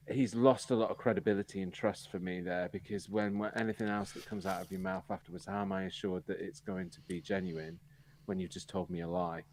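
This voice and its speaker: A man's voice: low-pitched, gravelly, slight background noise. An English man co-hosting a casual live podcast, frank and opinionated, talking through long anecdotes. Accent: English, with some American habits. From England. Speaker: podcast co-host.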